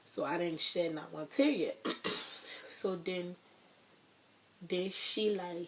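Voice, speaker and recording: A young woman tells a story to her viewers in a casual vlog. Her voice sits slightly low, and her delivery is loose and rambling, full of filler words and asides to the audience. A faint hum runs underneath. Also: slow pace, pauses often. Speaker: vlogger.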